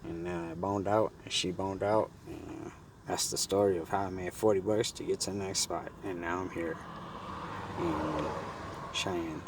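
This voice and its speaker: A man's voice: sits low, steady tone, normal speed, slight background noise. A man vlogger casually telling a story in a laid-back, slangy, profane way.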